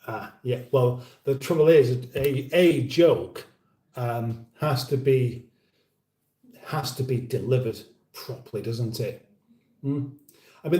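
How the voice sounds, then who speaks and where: A livestream host with a mid-range, dark-toned voice chats casually and reads viewer comments aloud, rambling and cutting himself off with dry humour. He sits far from the mic in an echoey room.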